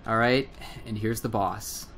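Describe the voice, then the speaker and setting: A man's voice: fairly low pitch, fairly even intonation, measured pace, fairly bright tone, a little hiss or hum. A man playing a video game on a let's play, chatting casually, swearing and exclaiming. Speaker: player and co-host of a gaming let's play. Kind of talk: casual gaming chat.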